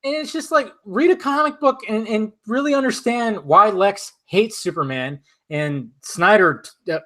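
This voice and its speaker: A man hosting a casual film chat, tipsy from vodka, talking in an animated, profane, rambling way with many restarts. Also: fairly high pitch. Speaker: host.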